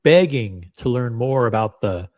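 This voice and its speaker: A man's voice: medium pitch, lively intonation, measured pace, a little mellow. A man hosting a casual livestream, rambling and joking at his own expense as he chats to viewers. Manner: rambling, joking, self-deprecating. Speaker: livestream host.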